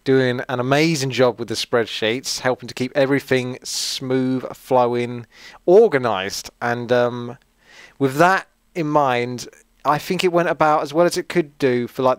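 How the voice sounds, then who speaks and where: Man from Essex, casual chat, rambling with fillers, mid pitch, smooth tone. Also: fairly even intonation, a little slow, dry recording. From Essex, England. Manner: rambling and friendly, many fillers and asides. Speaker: channel host answering viewer questions.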